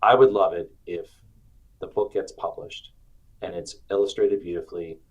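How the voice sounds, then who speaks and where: A middle-aged man, an author being interviewed, telling personal stories with animated acted-out quotes. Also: low voice, normal speed, muffled recording. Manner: animated storyteller, acts out quotes. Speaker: author and guest. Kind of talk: storytelling interview chat.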